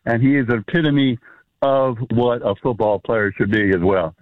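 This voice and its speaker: A man's voice: medium pitch, moderate pace, no room sound. A man phones in to a sports talk show and tells a rambling, filler-heavy story. His voice arrives over a thin, tinny phone line, and it sounds dry and close. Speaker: caller. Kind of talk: phone-in anecdote.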